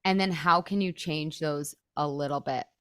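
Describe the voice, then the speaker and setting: A woman in her thirties coaching on a podcast, her voice sitting a little low and recorded close and dry with no room sound. she talks casually and fast, scatters "like" everywhere and acts out the thoughts in her own head. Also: clean tone, no room sound. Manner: chatty, peppered with "like", acts out inner thoughts. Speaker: weight loss coach and podcast host.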